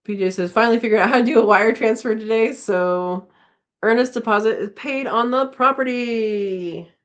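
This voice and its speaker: A woman's voice: a little high, moderate pace, muffled recording. A woman hosting a casual live chat from home, reading viewer comments aloud and laughing often. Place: home, indoors.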